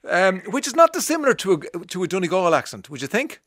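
A man's voice: high voice, sing-song, quick pace, fairly bright tone, dry recording. A man with an Irish accent hosting a radio show, chatting casually and teasing callers, with frequent fillers. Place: radio studio.

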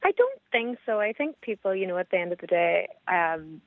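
A woman singer speaking as a radio guest, friendly and pausing with ums. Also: lowish voice, very animated, dry recording. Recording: tinny dry phone line.

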